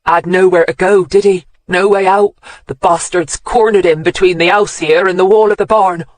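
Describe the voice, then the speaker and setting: Narrator doing a gruff old country man. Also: mid-range voice, fairly even intonation, normal speed, dry recording, pitched above the performer's own voice, close to an everyday voice. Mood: gruff, aggrieved. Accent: English West Country rural. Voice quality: rural dialect, sneering then cracking. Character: grumpy old countryman grieving his cat.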